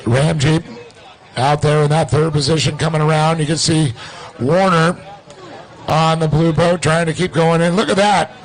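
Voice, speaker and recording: A man's voice: fairly high pitch, fairly even intonation, normal speed, rough recording. A man co-commentating a live race in a loose, jokey way, with many fillers.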